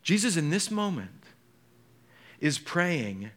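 A male pastor preaching a sermon in an animated way, moving between hushed and emphatic and putting questions straight to his congregation. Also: medium pitch, unhurried.

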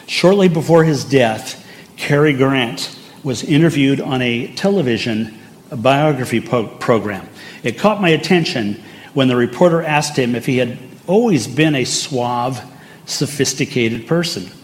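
Older man, pastor, chatty sermon, mid-pitched voice, faint background noise. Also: expressive, measured pace. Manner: conversational and anecdotal, with asides.

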